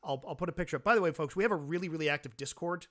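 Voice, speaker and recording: A man hosting a casual comedy chat show, chatty and animated as he plugs things and banters with guests. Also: fairly high pitch, racing.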